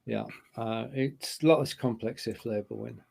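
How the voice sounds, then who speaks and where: A man co-hosting a casual live-stream chat, speaking in a measured, opinionated way. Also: medium pitch, fairly even intonation, vocal fry, a little mellow. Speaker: co-host.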